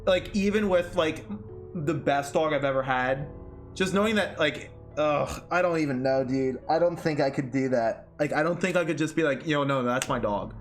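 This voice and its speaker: A man's voice: on the high side, moderate pace, faint music behind. A young man streaming a game, chatting casually, reading its text aloud, swearing and reacting emotionally.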